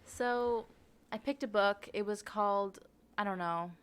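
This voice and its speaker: A young woman co-hosting a podcast, telling a childhood story in casual chat, laughing and swearing as she gets animated. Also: medium pitch, a little slow, smooth. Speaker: podcast co-host.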